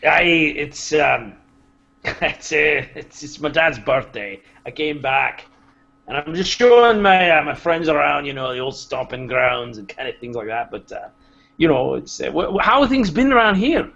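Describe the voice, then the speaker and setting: A man playing a gravelly sheepish dwarf. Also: a little high, sing-song, unhurried, a bit bright, muffled recording, full character voice. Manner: hesitant, restarting. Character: male dwarf adventurer, sheepish and joking.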